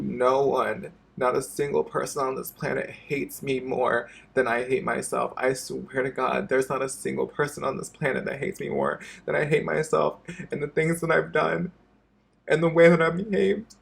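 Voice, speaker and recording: A man with a gravelly, husky voice speaks straight to his camera in a raw personal confession. He talks in halting, looping phrases and swears often. His pitch sits in an ordinary middle range. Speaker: vlogger.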